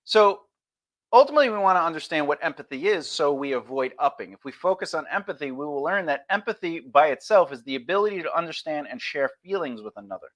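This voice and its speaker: A man's voice: fairly high pitch, expressive, fast talker, fairly bright tone. A man streaming a casual lesson on conversation skills, talking loosely and acting out example replies.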